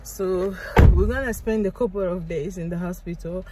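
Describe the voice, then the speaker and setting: A woman's voice: fairly low pitch, moderate pace. A young woman vlogging to camera from a car, emotional and laughing through tears as she talks in a casual way. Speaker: family vlogger. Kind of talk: casual vlog talk to camera. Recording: noisy car recording.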